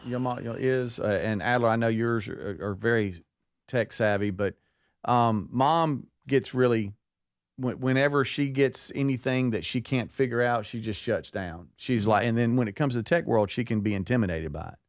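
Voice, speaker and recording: A man's voice: mid-range voice, normal speed, no echo, studio quality. A man co-hosting a talk show, telling a family story and acting out the voices of the people in it. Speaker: podcast co-host.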